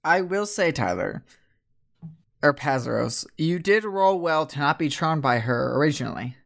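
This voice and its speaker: A man running a tabletop game as game master, relaxed, laughing easily and reading item rules aloud over a voice call. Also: a little high, moderate pace, vocal fry.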